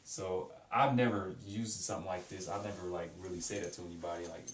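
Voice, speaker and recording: A man teaching a casual language lesson, halting and repeating words, with many fillers as he explains. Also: sits low, steady tone, slight background noise. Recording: echoey room, mic at a distance.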